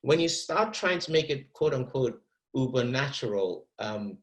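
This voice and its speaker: Man, acting teacher, masterclass coaching, animated, encouraging, mid pitch. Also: a little slow, low-quality recording. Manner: animated, encouraging, repeats words while thinking.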